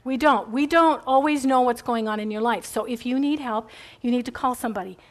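A woman's voice: fairly high pitch, fairly quick. A middle-aged woman giving a chatty, rambling faith talk to a group, encouraging and full of asides.

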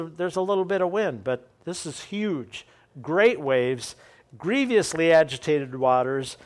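A man preaching a sermon, explaining scripture and reading it aloud with dramatic lifts for the quoted voices, often repeating key phrases. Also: a little high.

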